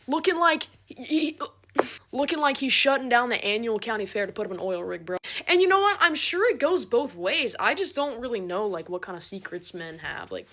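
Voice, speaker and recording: A young woman doing a casual, sarcastic comedic monologue, animated and quick to laugh. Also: fairly high pitch, a little hiss or hum. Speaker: comedic creator.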